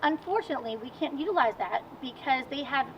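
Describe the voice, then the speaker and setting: A woman with a Virginian accent, a guest in a casual outdoor interview, telling stories in an animated, chatty way. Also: sits high, fast talker. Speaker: guest, amateur racer. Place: outdoors at a car show. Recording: distant mic, dull sound, faint noise.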